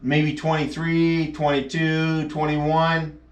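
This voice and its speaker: Male streamer, scornful profane rant, voice a bit high, picked up distant in a roomy space. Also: little pitch movement, slow. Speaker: live streamer. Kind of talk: angry rant reacting to a news clip. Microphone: action camera mic. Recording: echoey, distant from the mic.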